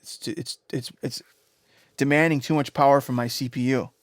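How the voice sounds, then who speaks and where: A man, a music producer on a livestream, explaining sound design in a rambling, excitable way, often swearing and tagging lines with "right?" and "you know?". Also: mid-range voice, normal speed, dry recording.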